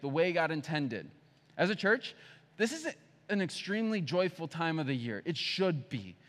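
A young male pastor delivers a casual, conversational sermon with a lively, swooping voice that sits a little high. His words ring out with a long reverb, as if spoken in a large church hall. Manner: conversational, animated preaching with playful acted asides.

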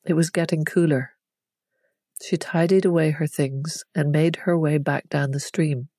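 A storyteller reading a story aloud in a calm, measured and even way. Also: mid-range voice, no room sound, studio quality. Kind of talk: storybook narration.

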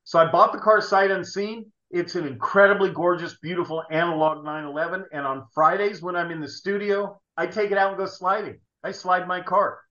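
A middle-aged man tells animated stories as an interview guest, his voice bright and forceful, on the high side for a man. The recording sounds roomy and slightly dull. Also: fairly quick, few pauses. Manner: animated anecdotes with laughs. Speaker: guest, automotive artist. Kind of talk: casual storytelling.

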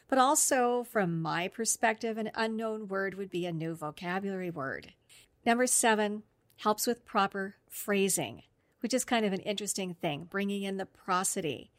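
A middle-aged woman talks through therapy techniques on a podcast, upbeat and walking through them point by point. Her voice sits at an ordinary middle pitch. The sound is dry and close, with no room around it. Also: dry recording. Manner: explanatory, upbeat, lists steps. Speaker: speech-language therapist guest. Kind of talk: instructional podcast talk.

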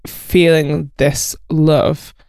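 A woman's voice: low voice, level tone, drawn-out words, a little mellow, dry recording, studio quality. A young woman co-hosting a podcast in casual chat, reflective but with crude humour. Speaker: podcast co-host.

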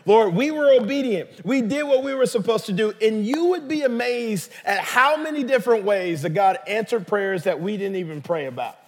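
A man's voice: extremely high pitch, normal speed, long reverb tail. A man pastor delivering a sermon in a conversational, emphatic manner.

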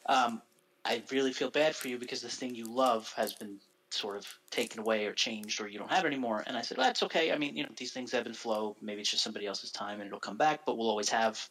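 A man's voice: on the low side, fairly even intonation, quick pace, fairly bright tone, husky, low-quality recording. A man co-hosting a podcast, telling a story in a reflective, rueful way. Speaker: podcast co-host. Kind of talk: casual podcast chat.

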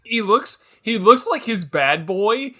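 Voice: medium pitch, animated, takes it slowly, sharp tone, breathy edge. A podcast co-host in casual movie-review banter, laughing often and slipping into mocking impressions.

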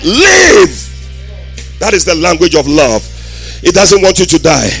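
A man preaching a sermon as pastor, in a sing-song, emphatic delivery that rises to shouted declarations. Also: fairly high pitch, lively intonation, normal speed, creaky, faint music behind.

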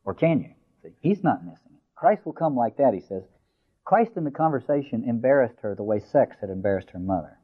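A man's voice: fairly low pitch, animated, slightly rough. Man lecturing over tinny phone-like audio. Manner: reads passages slowly, then explains in a discursive way with fillers. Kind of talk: lecture with story reading.

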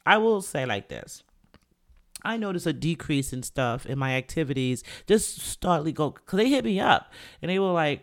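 Animated New man, rambling chat. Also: on the high side, moderate pace. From the Bronx, New York. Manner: animated, rambling, many fillers. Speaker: podcast host and rapper. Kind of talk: casual opinion talk.

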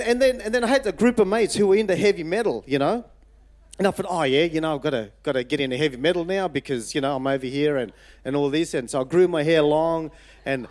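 A middle-aged man from Fiji with a slight Australian twang, telling a personal testimony in a sermon, lively and chatty, repeating phrases for emphasis. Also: high-pitched. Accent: Fijian Indian with Australian twang. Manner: lively storytelling, frequent "you know" asides, repeats phrases for emphasis. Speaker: preacher.

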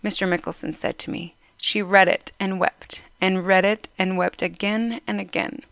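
A woman's voice: medium pitch, steady tone, normal speed, gravelly, few pauses, fairly bright tone, no echo. A woman giving an earnest devotional talk, reading a story aloud and getting emotional as she goes. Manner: emotional, earnest, gets choked up. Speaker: church speaker.

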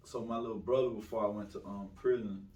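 A man's voice: fairly low pitch, steady tone, fast, a little mellow. Swaggering young man, roomy distant sound. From South Florida. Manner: slangy, swaggering storyteller. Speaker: guest. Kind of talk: casual podcast interview. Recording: roomy, distant mic with faint ambience.

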